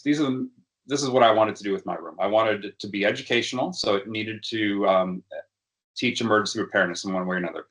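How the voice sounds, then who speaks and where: A man giving a workshop presentation, talking hesitantly with frequent fillers and restarts. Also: on the low side. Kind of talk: educational workshop talk.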